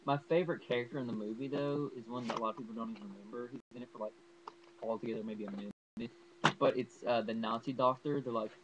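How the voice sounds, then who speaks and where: A man's voice: mid-range voice, steady tone, quick pace, dull audio, noisy background. Rambling young man reviewing a horror film. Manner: rambling, enthusiastic, many fillers like uh and like. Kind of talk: casual movie review vlog.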